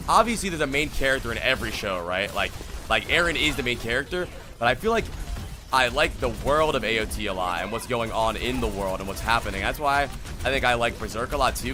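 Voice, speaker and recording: A man's voice: mid-range voice, lively intonation, fairly quick, music in the background. A young man from New Jersey, a streamer rambling in slangy casual chat while answering his viewers.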